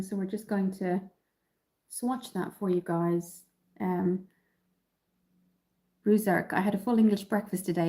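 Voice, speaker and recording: This makeup livestream host is a woman from Dublin with an Irish accent, her mid-range voice dark in tone and slightly nasal from an approaching cold. She chats through the tutorial, reading and answering viewer comments with many ums. The recording is rough.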